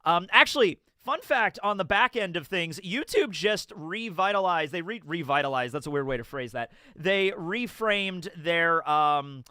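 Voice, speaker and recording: A man in his thirties giving a rambling, casual review of a manga chapter. He swears and laughs, and now and then jumps into loud, high outbursts. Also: clear, resonant tone, no echo, clean studio sound. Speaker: anime and manga reaction host.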